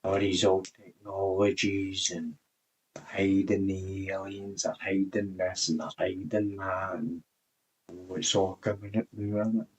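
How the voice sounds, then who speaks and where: A man's voice: deep voice, flat delivery, a little slow, a little hiss or hum, rough recording. A man vlogging in a meandering, rambling casual chat, swearing casually.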